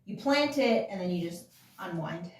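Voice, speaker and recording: A woman's voice: fairly low pitch, lively intonation, normal speed, recorded from a distance. Woman dance instructor, casual and chatty, counts beats aloud, recorded off-mic in a very echoey room.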